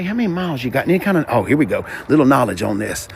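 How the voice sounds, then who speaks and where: A man vlogging on a car dealership lot, chatty and animated, talking to the cars and his viewers. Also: medium pitch, quick pace, vocal fry, hardly any pauses, a little hiss or hum. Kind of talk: live-streamed dealership walkaround.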